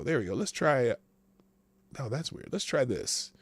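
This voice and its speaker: Hosting a laid-back live news stream, a man sarcastically ridicules the headlines, laughs a lot, and jumps from loud bursts to quiet mutters. His pitch swings widely at a measured pace, his voice has a breathy edge, and the recording is dry.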